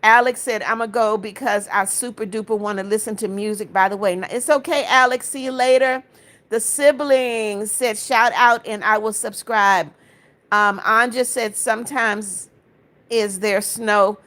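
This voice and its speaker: Viewer comments are read aloud by this Florida livestream host, who greets each person kindly and offers blessings in a casual stream. Her voice is a little high and a bit bright, unhurried and fairly even in intonation.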